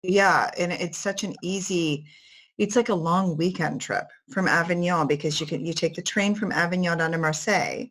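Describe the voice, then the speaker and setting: A woman in her forties, an author telling stories in a casual interview, lively and quick to laugh. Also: fairly low pitch, slightly rough. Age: 40s. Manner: animated, laughing storyteller. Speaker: author guest.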